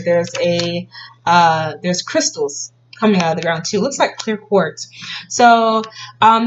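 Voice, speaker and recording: A woman's voice: mid-range voice, lo-fi sound. A woman giving a casual tarot reading to her viewers, rambling with many fillers and restarts. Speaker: tarot reader.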